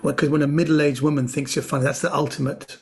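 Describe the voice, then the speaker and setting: A middle-aged man, a comedian guest, chatting casually and telling jokes with animated delivery and quick character voices. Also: a little high. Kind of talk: casual storytelling chat.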